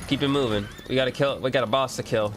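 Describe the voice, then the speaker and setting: A man's voice: medium pitch, fairly even intonation, quick pace, background noise. A man streaming a video game, chatting casually, cursing now and then, and reading the game's prompts aloud. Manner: laid-back, swears, reads game prompts aloud. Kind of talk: casual gameplay commentary.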